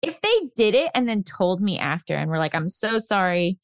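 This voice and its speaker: A woman's voice: mid-range voice, very animated, fairly quick, no echo, studio quality. A woman co-hosting a podcast, reading game prompts out in a casual, playful way. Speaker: podcast co-host.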